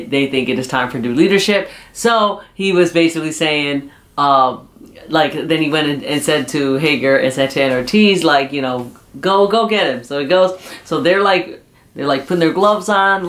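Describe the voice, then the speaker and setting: A man's voice: fairly high pitch, a bit bright. A man casually recapping a wrestling episode, rambling with lots of "uh" and "you know.". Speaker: wrestling show reviewer.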